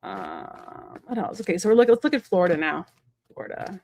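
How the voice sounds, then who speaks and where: A woman giving a live-stream tarot reading from home, talking fast and rambling in a chatty way with many fillers. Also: on the low side, huge pitch swings, dark tone, a little hiss or hum. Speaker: psychic medium and tarot reader.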